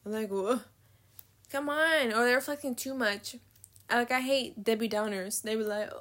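A woman's voice: a little high, normal speed, fairly bright tone. A nineteen-year-old woman hosting a casual solo podcast, rambling with lots of fillers and swearing, with a slight lisp. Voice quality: says she has a slight lisp. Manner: rambling, swears freely, filler-heavy, laughs at herself. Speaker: podcast host.

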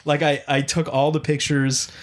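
A man's voice: on the high side, normal speed, a little hiss or hum. A man in casual chat, telling a rambling, profane story from his retail job and acting out what people said. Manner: rambling, profane, quotes people in lively voices.

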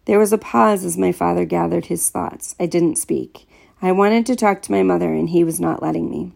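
A woman reads a first-person story aloud, steady and plain in her telling. Her voice sits low and is heavily gravelly, with a dark, mellow tone. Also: moderate pace. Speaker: audiobook narrator.

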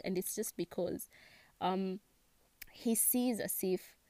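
A young woman with a Kenyan accent chatting casually, expressive and quick to laugh, giving relationship advice. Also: fairly low pitch, no room sound. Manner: chatty and expressive, laughs often, mixes in Swahili words. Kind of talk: casual chat to camera.

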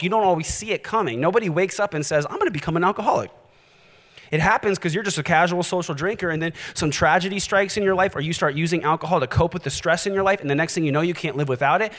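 High-voiced pastor preaching. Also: male voice, in a large hall. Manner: animated, direct, challenging. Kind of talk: sermon.

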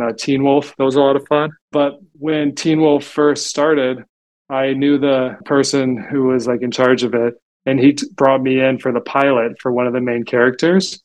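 A man as a podcast guest, telling stories in a casual, chatty way and filling gaps with "like". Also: mid-range voice. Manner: chatty storytelling, frequent "like" fillers. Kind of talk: casual interview talk.

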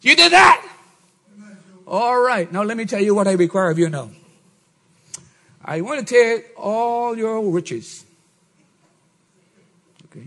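A middle-aged man preaching a sermon, swinging from shouts to low murmurs. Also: expressive, takes it slowly, pauses often. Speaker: pastor.

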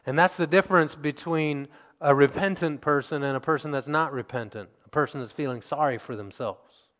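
Animated male preacher with a highish voice. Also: a little fast, long reverb tail. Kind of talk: sermon.

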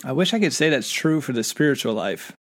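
Earnest American man, mid-pitched podcast voice. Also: big pitch swings, a bit bright. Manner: earnest, thoughtful, with halting restarts. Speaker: podcast co-host. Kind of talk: casual podcast chat.

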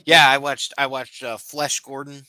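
Bright, laughing podcast co-host, a man. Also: medium pitch, level tone, normal speed, no echo. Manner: laughing, profane, rambling with restarts. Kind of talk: casual chat.

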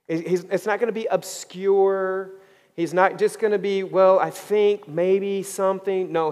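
A male pastor delivering a sermon, drawing out scripture readings slowly and pressing his points to the congregation. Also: in a large hall. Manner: preaching with lively swings in pitch, slowing down on scripture readings.

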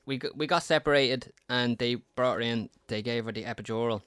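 A young man chatting on a podcast, rambling and restarting his sentences as he tells a story. The sound is dry and close, with no room around it. His pitch sits in the middle. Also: fairly quick, fairly bright tone, clear, resonant tone, no echo. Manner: rambling, stop-start storytelling with many restarts. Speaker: podcast co-host. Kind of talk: casual chat, telling a story.

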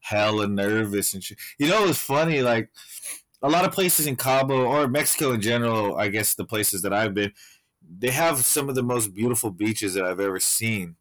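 A man with a fairly low voice tells loose, profanity-laced stories in casual chat. He rambles and leans on fillers. The sound is dry and close, with no room echo. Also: animated, moderate pace, a bit bright.

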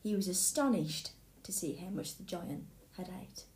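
A woman reading a fairy tale aloud in a clear, steady way. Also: on the low side, normal speed. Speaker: storyteller. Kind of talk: storybook read-aloud. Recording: echoey room.

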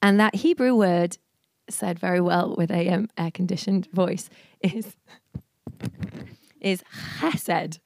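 A woman in her forties giving an informal, storytelling sermon at a church service. She talks in a chatty way, laughing often and filling pauses with plenty of ums. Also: lowish voice, steady tone, dry recording, studio quality. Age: 40s. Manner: chatty, laughing, many fillers. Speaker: church speaker.

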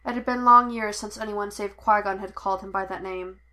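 A woman reading a piece of fan fiction aloud as narrator, even and measured. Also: mid-range voice. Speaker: podfic reader. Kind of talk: storybook narration.

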